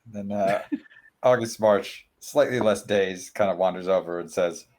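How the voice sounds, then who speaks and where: Low-voiced hesitant male player. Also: a little slow, darkish tone. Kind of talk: tabletop role-play chat.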